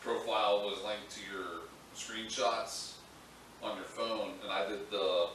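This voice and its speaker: A man's voice: on the low side, fairly even intonation, takes it slowly, fairly bright tone. Chatty man, echoey and distant. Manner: chatty, laughs while telling stories. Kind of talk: casual anecdote. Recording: echoey room from far off with faint noise.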